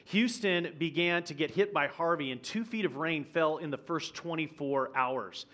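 Man preaching a lively personal story. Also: on the high side, normal speed. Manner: vivid, conversational storytelling with acted-out quotes. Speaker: guest pastor. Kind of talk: sermon storytelling. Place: church auditorium.

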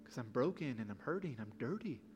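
A man's voice: medium pitch, expressive, brisk, music in the background. A man preaching a sermon in an earnest, pleading way, full of rhetorical questions. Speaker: pastor.

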